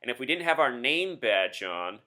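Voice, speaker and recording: A man's voice: medium pitch, sing-song, normal speed, sharp tone. A man in his thirties hosting a solo commentary video, talking insistently to his viewers with rhetorical questions. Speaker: video host.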